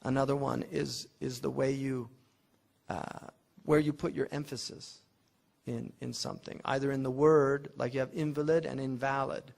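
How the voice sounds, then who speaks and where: Gravelly-voiced man lecturing. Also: mid-range voice, level tone, normal speed, darkish tone. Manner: conversational and digressive, with frequent restarts and fillers; explains with everyday examples. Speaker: teacher of classical logic. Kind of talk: unscripted classroom lecture.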